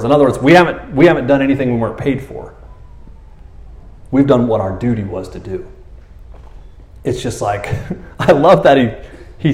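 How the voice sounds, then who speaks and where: Animated preaching man, echoey room. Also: mid-range voice. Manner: conversational, animated preaching with quoted voices. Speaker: pastor. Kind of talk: casual sermon.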